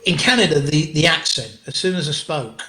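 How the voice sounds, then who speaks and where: A middle-aged English man spins anecdotes as an interview guest. He talks in an animated way, restarts his sentences often and swears casually. His voice sits a little high and sounds off the walls of a roomy space. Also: a little fast. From England. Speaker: guest comedian. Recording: roomy echo.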